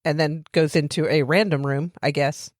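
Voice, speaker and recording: A woman's voice: low-pitched, fairly even intonation, moderate pace, no room sound, clean studio sound. Giggly woman co-host recapping a film. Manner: rambling, giggly, many "like" fillers. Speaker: podcast co-host. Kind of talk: casual chat recapping a film.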